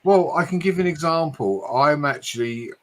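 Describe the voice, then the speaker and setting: A man with an accent that mixes Essex and London, hosting a late-night live stream in a chatty way and speeding up when he gets excited. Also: on the high side, normal speed. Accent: mix of Essex and London English. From Hertfordshire, England. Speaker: livestream host.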